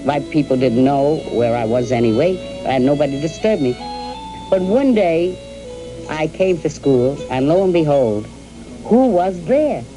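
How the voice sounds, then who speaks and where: An older woman from New York telling the story of her youth and marriage to her husband, in a halting storytelling way with repeated words and fillers. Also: sits low, expressive, music in the background, low-quality recording. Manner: addresses her husband directly. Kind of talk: reminiscing in an archival interview.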